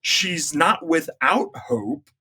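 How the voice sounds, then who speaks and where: A man appearing as a guest on a podcast, speaking in a reflective, measured way with occasional jokes. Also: a little high, big pitch swings, pushed and bright, slightly rough. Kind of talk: casual discussion.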